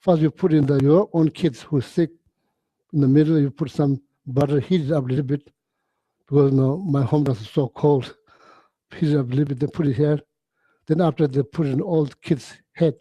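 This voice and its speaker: Halting man with a husky mellow voice. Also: a little high, steady tone, dry recording, low-quality recording. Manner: halting, repeats phrases, frequent throat clearing, non-native English. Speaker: Buddhist teacher. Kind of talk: informal dharma talk.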